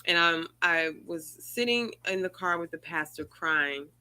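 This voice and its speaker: Bright-voiced woman telling a personal story. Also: fairly low pitch, lively intonation, unhurried. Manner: earnest, conversational, rising emotion. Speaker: circle host. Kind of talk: storytelling to an online group.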